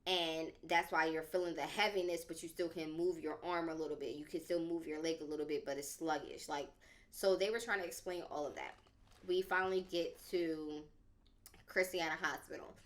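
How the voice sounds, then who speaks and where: A young woman tells a personal story on a podcast in a casual, animated way, with a lot of slang. Her voice sits a little low but has a bright, forceful edge. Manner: animated and dramatic, slangy, lots of "like". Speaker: podcast speaker.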